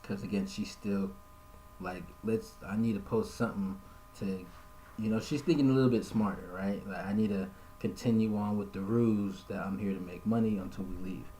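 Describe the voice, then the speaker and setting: A man streaming live commentary in a casual, conversational way, reading messages aloud and pitching his voice up for the quotes. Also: steady tone, normal speed, warm tone, a little hiss or hum, poor audio.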